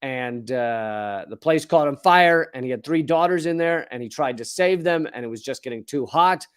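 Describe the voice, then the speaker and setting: A man's voice: mid-range voice, normal speed, clean tone. A man with a Southern US accent giving a sarcastic, profane comedic commentary monologue. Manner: sarcastic, profane, chuckles at own jokes.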